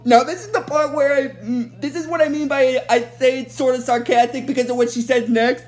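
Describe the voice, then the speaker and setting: A woman with a fairly high voice recapping a TV episode off the cuff. She rambles, backtracks and fills pauses as she goes. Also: fairly even intonation, a little mellow. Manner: rambling, many fillers and restarts. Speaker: show recap host.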